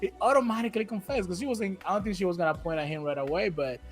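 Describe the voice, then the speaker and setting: High-voiced man in animated reaction chat. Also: rapid-fire, soft background music. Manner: animated, acts out characters' lines. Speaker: podcast co-host.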